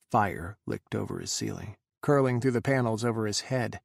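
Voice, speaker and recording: A man reading an audiobook in a measured, dramatic narration style. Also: fairly low pitch, vocal fry, no room sound, studio quality. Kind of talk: scripted narration.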